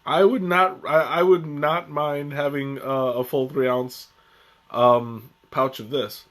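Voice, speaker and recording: A man's voice: fairly high pitch, fairly even intonation, slow, fairly bright tone. A young man hosting a live tea tasting stream, chatting casually in a rambling way with restarts and chuckles.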